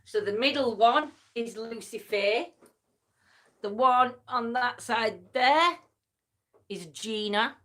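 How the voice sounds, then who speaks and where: A woman's voice: a little high, slow, a bit bright. A woman hosting a casual livestream, chatty and teasing, tired and yawning. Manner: chatty, laughs often, teasing. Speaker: livestream host. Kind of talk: casual live chat.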